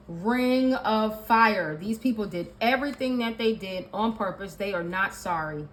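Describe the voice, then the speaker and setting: A woman's voice: medium pitch, a little slow, hardly any pauses, fairly bright tone. Emphatic woman giving a tarot reading. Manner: emphatic and repetitive, listing card meanings. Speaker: tarot reader. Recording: echoey room with faint ambient noise.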